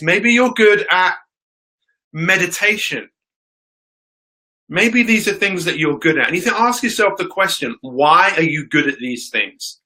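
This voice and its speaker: A man's voice: a little high, bright, forceful tone, low-quality recording. A man hosting a live-streamed motivational show, greeting viewers by name and talking with lots of energy. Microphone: phone.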